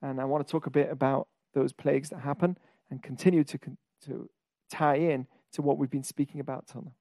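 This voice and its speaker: A man's voice: medium pitch, fairly even intonation, fairly quick, warm tone, dry recording, studio quality. A man teaching a weekly Torah class on a podcast. He often puts questions to his listeners and leans hard on key words.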